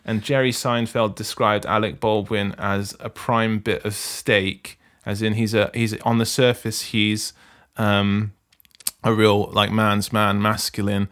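A man's voice: on the low side, little pitch movement, unhurried, a bit bright. A man co-hosting a podcast, chatting casually in a rambling, amused way. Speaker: podcast co-host. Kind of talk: casual chat.

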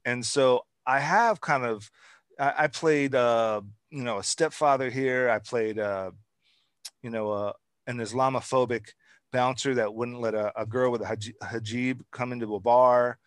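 Here the host's mid-range voice is smooth and fairly even in intonation, a little slow, captured dry at studio quality. He runs a casual conversation with long, repetitive stretches that list example after example.

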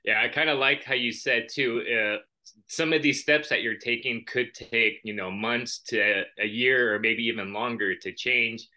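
A man's voice: mid-range voice, fairly even intonation, a little slow, sharp tone. A man co-hosting a podcast, talking reflectively in casual chat and telling personal stories. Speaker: podcast co-host.

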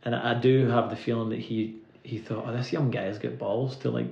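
A man with a Scottish accent and a creaky, gravelly voice tells long, meandering stories as a guest musician, laughing along the way. His speech is loose and chatty, packed with "like". The recording sounds roomy and a little dull. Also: medium pitch, steady tone, a little mellow. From Scotland. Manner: rambling anecdotes full of "like" fillers, quick to laugh. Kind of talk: casual storytelling interview.

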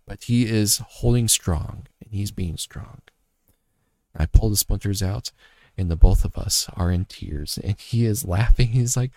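Deep-voiced man, earnest and reflective. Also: unhurried, a little mellow, dry recording. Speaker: father telling a personal story. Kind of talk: motivational faith talk.

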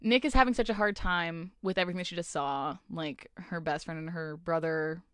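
A woman's voice: on the low side, fairly quick, clear, resonant tone, no echo, clean studio sound. A young woman co-hosting a podcast, animatedly retelling a novel's plot in casual chat, swearing often and acting out the characters' lines. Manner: animated retelling with lots of swearing and quoted voices. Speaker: podcast co-host. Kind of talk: casual book-club chat.

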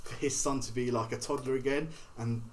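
A man's voice: mid-range voice, fairly even intonation, a little fast, poor audio. A man chatting casually, rambling and full of filler words. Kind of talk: casual chat.

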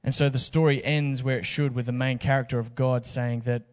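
Brief: male pastor, relaxed jokey sermon delivery, mid-pitched voice. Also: fairly quick, in a large hall. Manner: casual, jokey preaching with slang asides.

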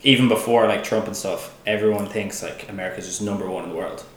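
A man's voice: on the low side, steady tone, fast, reverberant, a little hiss or hum. A man in his twenties from Ireland with an Irish accent, a guest in a casual podcast chat, laid-back and full of "like" fillers and swearing. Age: 20s.

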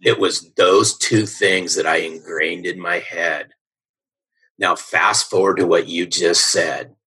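A man's voice: low-pitched, steady tone, takes it slowly, bright, forceful tone, husky, low-quality recording. A middle-aged man, a sales coach guest on a podcast, telling stories with energy and emphasis and often asking "right?". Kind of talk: podcast interview storytelling.

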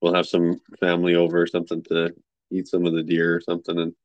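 A young man hosting a podcast in a relaxed, casual way, filling his talk with likes and you knows. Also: low-pitched, quick pace, no room sound, dull audio. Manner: relaxed, many fillers, affirming. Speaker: podcast host. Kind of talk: casual chat.

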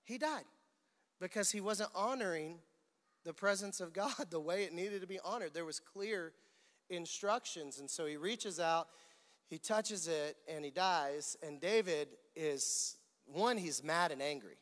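Male pastor, high voice, animated storytelling preacher, long hall reverb. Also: unhurried. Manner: animated storytelling, calls on the audience to repeat words. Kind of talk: sermon.

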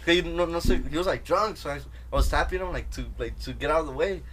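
A man's voice: a little high, fast, fairly bright tone, slight background noise. A man in casual chat telling a story in slangy English with Spanish words.

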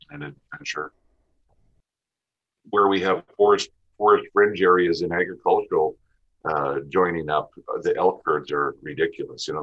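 A man from Western Canada, appearing as a guest on a casual podcast interview, chats easily about hunting seasons and terrain, listing off places and seasons. His voice is a low rumble, a bit bright and slightly rough, and the recording sounds muffled.

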